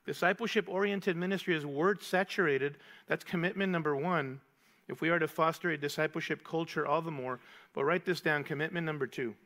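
A male pastor preaches to a men's Bible study in a high, bright voice. He drives his points home by repeating key words and firing questions at the listeners. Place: church meeting room.

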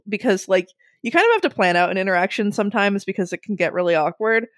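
A young woman telling a funny story in a casual way, animated, laughing often and swearing freely. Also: mid-range voice, a little fast, no echo, clean studio sound.

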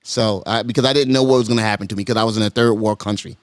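A man telling a long personal story in a casual podcast chat. He acts out the people in it with sudden high-pitched voices and repeats his words as he goes. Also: steady tone, racing.

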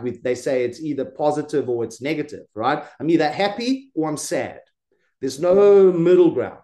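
A man's voice: a little high, dark tone. A man co-hosting a podcast, explaining ideas patiently and often checking in with "right?". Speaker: co-host. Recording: echoey room.

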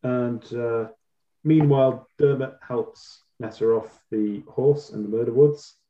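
A man's voice: mid-range voice, fairly even intonation, slow, reverberant, lo-fi sound. A man co-hosting a podcast, recapping a show in casual chat with a dry, wry manner and frequent laughs. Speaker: podcast co-host.

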